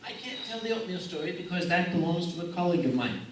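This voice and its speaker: An American man hosting a convention panel, telling stories in a theatrical, jokey way that swings between loud and hushed. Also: high voice, animated, fast, slight background noise. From United States. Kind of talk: comic storytelling on a panel. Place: large convention hall. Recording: echoey hall recorded from far off.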